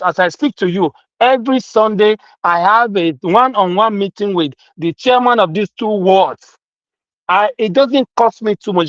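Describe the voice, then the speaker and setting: A man's voice: sits high, dry recording, muffled recording. A man with a Nigerian accent in casual political chat, talking animatedly and mixing Pidgin with English. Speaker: guest speaker.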